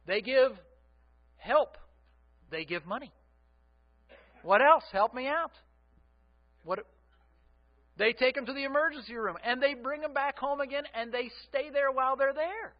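A middle-aged male pastor preaching with a high voice. He keeps it conversational and asks the congregation to fill in the answers. The recording sounds dull and lo-fi. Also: measured pace, long pauses. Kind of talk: sermon.

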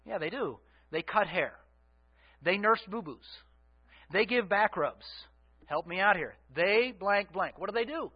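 A man's voice: high-pitched, animated, a little slow, husky, dull audio. A middle-aged man preaching a sermon in a conversational way, asking the congregation to call out answers. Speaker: pastor.

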